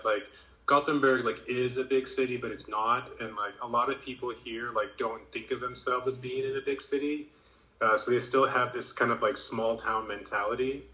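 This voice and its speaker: A man's voice: mid-range voice, pushed and bright, reverberant, poor audio. An American man in a casual conversation, telling a rambling story full of fillers and restarts. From United States. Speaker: HR professional guest.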